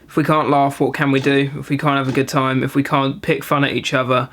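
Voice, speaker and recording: A young British man in a vlog, ranting to camera in an animated, exaggerated way with mock outrage. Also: medium pitch, a little fast. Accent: British English. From Britain. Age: young adult. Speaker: vlogger. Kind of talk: comedic rant to camera.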